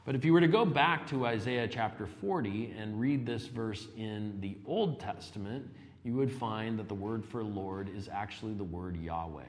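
A man teaching a Bible lesson in a measured, explanatory way, with occasional fillers as he looks up passages. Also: lowish voice, in a large hall.

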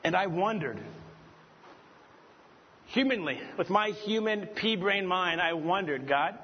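High-voiced emphatic preacher in a reverberant hall. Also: male voice, lively intonation, slow, slight background noise. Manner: emphatic, repetitive, heralding delivery. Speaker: preacher teaching preaching students. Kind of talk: sermon. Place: church hall, at a pulpit. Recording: reverberant hall, dull lo-fi sound.

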